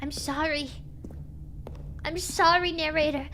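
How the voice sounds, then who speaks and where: A woman's voice: high voice, steady tone, measured pace, a bit bright, slight background noise. A young woman streaming a game, chatting casually, apologizing over and over and joking along. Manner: apologetic and playful, often repeats herself. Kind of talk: casual live-stream commentary.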